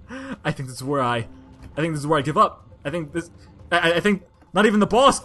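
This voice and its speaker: A woman giving casual commentary over a platformer, talking to herself in frustration and bursting into loud complaints. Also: deep voice, big pitch swings, quick pace. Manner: exasperated, frustrated self-talk that bursts into loud outbursts. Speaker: let's play gamer.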